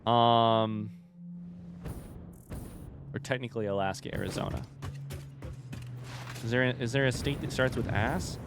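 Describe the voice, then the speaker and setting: A man's voice: medium pitch, unhurried, long pauses, music in the background. Rambling, distracted young man streaming. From United States. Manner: rambling, distracted, self-deprecating, thinks out loud. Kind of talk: casual livestream chat while gaming.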